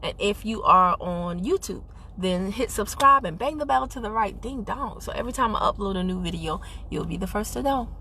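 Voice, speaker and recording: A woman's voice: mid-range voice, animated, moderate pace, pushed and bright, a little hiss or hum. A woman giving an emphatic, sassy motivational talk on a live stream, speaking into a phone while driving her car. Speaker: network marketing team leader.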